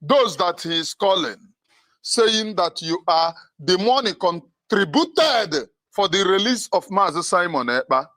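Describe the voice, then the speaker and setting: A man with a high, bright voice speaks with indignant sarcasm, stumbling over fillers as he builds his case. The sound is dry and close. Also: animated, a little slow, no room sound. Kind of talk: impassioned political talk.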